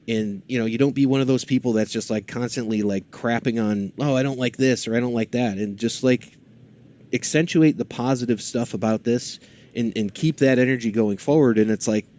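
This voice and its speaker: A man chatting as a podcast guest at a mid-range pitch, telling stories with lively energy. He now and then slips into character voices. The audio is a bit muffled and lo-fi. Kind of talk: casual chat.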